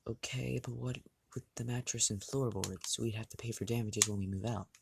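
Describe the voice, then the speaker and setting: A man voicing an anxious, protective mother of a teenage boy in a read-aloud fan story, pleading and halting with restarts. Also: mid-range voice, steady tone, gravelly, noisy background, natural voice. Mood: worried.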